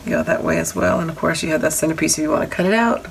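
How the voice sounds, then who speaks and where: A woman with a low, gravelly voice talks rapid-fire as she shows off a craft die haul in her home vlog. Her show-and-tell is casual and chatty, sprinkled with apologies. The recording is low quality, with audible noise in the background.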